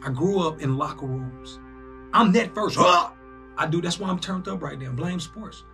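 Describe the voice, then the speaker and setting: A young man hosting a casual sports reaction video, animated and breaking into loud bursts as he talks to himself. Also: sits high, moderate pace, soft background music. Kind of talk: excited casual reaction commentary.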